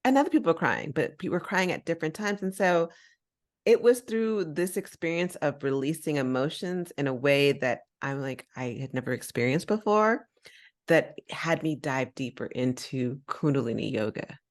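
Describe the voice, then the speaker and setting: A woman's voice: sits low, normal speed. A woman from the United States hosting a podcast, telling a personal story in casual chat and acting out the voices of people in it. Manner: animated, acts out voices in her stories. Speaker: podcast host.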